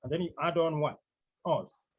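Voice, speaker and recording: A man teaching a Greek class, speaking slowly and deliberately, repeating key words and often clearing his throat. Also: a little high. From Cameroon. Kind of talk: classroom lecture. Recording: dull lo-fi recording.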